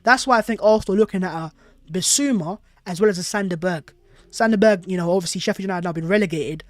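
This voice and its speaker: A man's voice: high-pitched, fast, no echo. A man streaming a live football watch-along, chatty and slangy as he talks straight to his chat. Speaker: football streamer and fan content creator.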